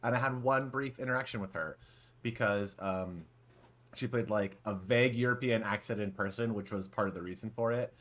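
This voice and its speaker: A man's voice: fairly low pitch, a little fast, fairly bright tone. A man co-hosting a podcast in casual, rambling chat with many fillers. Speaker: podcast co-host.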